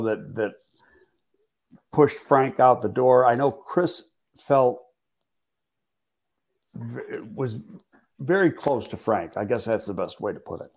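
A man with a gravelly, creaky voice talks football as a podcast co-host. He speaks in a measured way, pausing and restarting often. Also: medium pitch, a little mellow. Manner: measured, hesitant, many restarts. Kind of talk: casual football talk.

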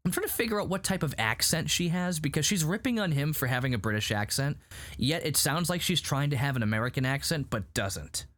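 A man hosting a casual chat, recapping a show in an animated, rambling way full of "like". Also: on the high side, brisk, no room sound. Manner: animated, rambling, heavy use of "like". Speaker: podcast host recapping a show.

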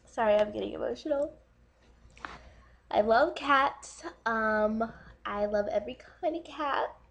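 An actress playing a nervous young woman in a dating video who keeps breaking into tears over cats, halting with many ums. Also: medium pitch, creaky, full character voice. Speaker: comic dating video character. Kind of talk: comedic video monologue.

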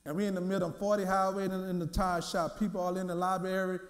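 A male minister preaching a sermon, telling a personal testimony in a lively way and repeating his words as he goes. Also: high-pitched, fast, roomy sound. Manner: lively storytelling, repeats words, acts out quotes.

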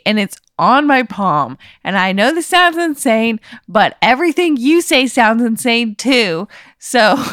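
A woman's voice: high voice, fairly bright tone, no echo, studio quality. A woman improvising in a comic scene, defensive and indignant. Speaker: improv guest. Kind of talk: improvised comic role-play.

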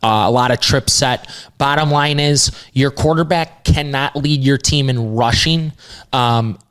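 A man's voice: medium pitch, unhurried, fairly bright tone, smooth. A man co-hosting a sports betting podcast, making emphatic points and repeating words for stress. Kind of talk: casual sports betting chat.

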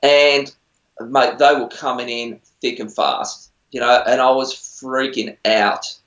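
Speaking slowly in a steady, mid-range voice with a bit of brightness, a middle-aged man tells stories. He's a musician on a TV singing show, chatty and self-deprecating as he rambles through a casual interview. Expect a roomy, dull lo-fi recording.

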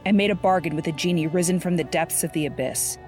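A woman's voice: lowish voice, fast talker, darkish tone, faint music behind, natural voice. A woman voicing a dying, stern male warrior commander, speaking in a grave, commanding way in a storybook reading.

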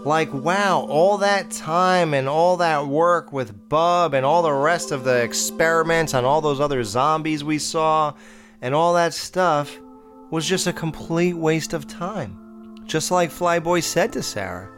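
A man's voice: fairly high pitch, unhurried, a bit bright, soft background music. A man hosting a casual film review podcast, blunt and opinionated, rambling with fillers as he recaps scenes. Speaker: podcast host.

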